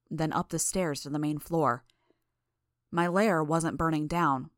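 A woman with a low voice narrates an audiobook in the first person. The recording is dry, with clean studio sound.

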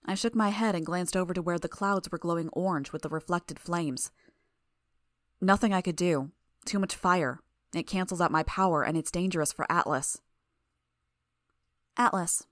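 Woman, audiobook narrator, lowish voice, dry close sound, steady reading. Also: normal speed, no echo. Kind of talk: first-person fiction reading.

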